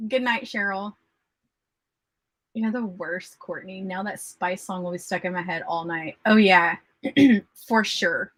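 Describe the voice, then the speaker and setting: A woman's voice: medium pitch, takes it slowly, fairly bright tone, dry recording. A woman in her thirties hosting a casual writing livestream, chatty and nostalgic, laughing often. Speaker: livestream host.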